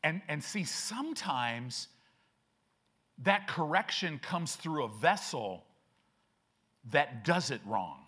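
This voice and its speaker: A man's voice: a little high, big pitch swings, slow, pauses often, pushed and bright, slightly rough. A man preaching a sermon as pastor, emphatic and repetitive, with frequent restarts.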